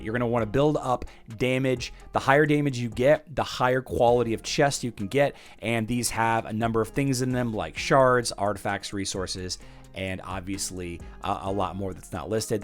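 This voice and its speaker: A man hosting a game channel, giving an eager, rambling sponsored game guide with restarts. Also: mid-range voice.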